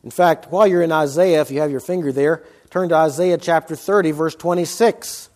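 A man's voice: on the high side, a little fast, darkish tone. A man giving an expository Bible lesson, reading passages aloud and putting questions to his listeners. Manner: asks the listeners questions and answers them. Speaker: Bible teacher.

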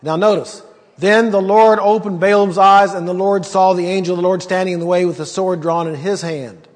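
Man, preacher, high voice, conversational Bible teaching, emphatic, long hall reverb. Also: steady tone, brisk. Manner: conversational, emphatic, rhetorical questions.

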